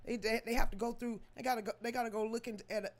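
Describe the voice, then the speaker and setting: A woman's voice: on the high side, steady tone, quick pace, heavy background noise. A woman hosting a live news commentary stream, talking emotionally and profanely, often repeating herself and greeting viewers in the chat by name. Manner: stammering repetitions. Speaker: livestream news host.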